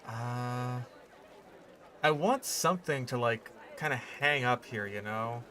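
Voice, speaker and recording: A man's voice: medium pitch, slow pace, sharp tone, slight background noise. A man chatting casually as he builds in a park game, rambling and thinking aloud with plenty of fillers. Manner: musing, rambling, lots of fillers. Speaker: gaming channel host.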